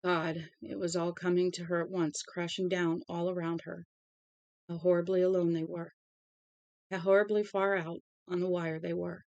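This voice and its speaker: A woman's voice: lowish voice, flat delivery, moderate pace, a little mellow, no echo, lo-fi sound. A woman reading a novel aloud as a storybook narrator. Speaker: audiobook reader.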